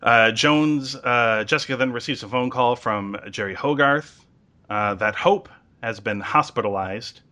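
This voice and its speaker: A man's voice: medium pitch, a little slow, sharp tone. A man casually recapping a TV episode as a podcast host, chatty with lots of ums and uhs.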